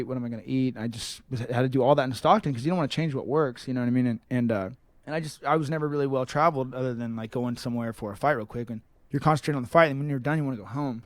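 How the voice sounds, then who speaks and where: A man in his thirties from Northern California gives a documentary interview in a fairly high voice. He rambles and swears, restarting sentences and circling back on his own words as he works through his thoughts. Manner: rambling, profane, many restarts and repeats. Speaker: professional fighter.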